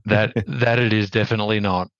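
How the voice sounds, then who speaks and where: A man with an Australian accent, a podcast guest telling a story in a measured, reflective way. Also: fairly low pitch, fairly even intonation, a bit bright, no room sound, lo-fi sound. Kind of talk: conversational storytelling.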